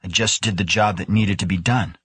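A man voicing a quiet, earnest young male scientist, sincere and soft-spoken. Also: low-pitched, fairly even intonation, brisk, husky, no room sound, exaggerated voice.

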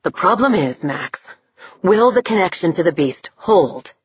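A woman gives voice to a grim, unyielding male leader who speaks in clipped, firm lines. The voice is low and husky, recorded dry and slightly dull. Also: very animated, measured pace, no room sound, heavily acted.

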